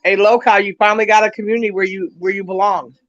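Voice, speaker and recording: A woman's voice: medium pitch, steady tone, quick pace, no room sound, highs cut off. A woman hosting a casual livestream chat, telling brash, profane stories and often breaking into laughter. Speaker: livestream host.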